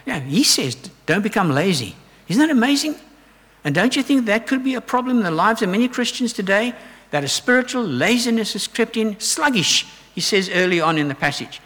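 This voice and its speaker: Man, preacher, sermon, high voice, earnest and urging, long hall echo. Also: big pitch swings, a little fast, a bit bright. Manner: earnest, exhortative, rising to emphatic peaks.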